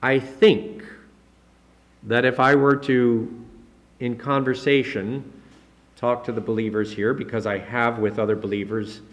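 A man giving a conversational sermon in a medium-pitched voice. He talks in a relaxed, chatty way with small self-corrections, then lifts his voice higher and louder to drive a point home. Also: measured pace, pauses often. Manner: rises in pitch and volume to stress key points. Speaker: pastor.

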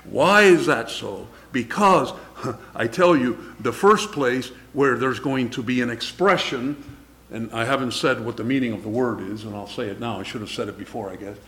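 A man's voice: medium pitch, moderate pace, a bit bright. A man preaching a sermon, building emphasis word by word and then dropping to a near whisper, with the odd chuckle between points.

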